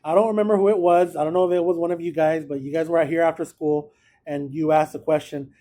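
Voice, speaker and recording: A man's voice: fairly high pitch, fairly even intonation, fast, dark tone. A man teaching a math class, casual and encouraging, talking through each step aloud. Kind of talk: classroom lecture.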